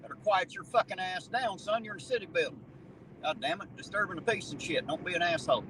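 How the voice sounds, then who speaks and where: A loud, swaggering small-town mayor who bullies and swears , as a man puts him on. The voice is pushed high and sounds shouty. Loud road noise from a moving car sits under it. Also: expressive, fast, recorded from a distance. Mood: blustering. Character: arrogant, bullying male small-town mayor.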